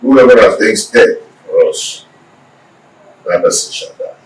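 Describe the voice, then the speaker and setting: An actor playing a solemn village elder leading a prayer. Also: male voice, lowish voice, a little slow, a little hiss or hum, close to an everyday voice. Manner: solemn, declaiming. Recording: echoey from far off, faint ambience.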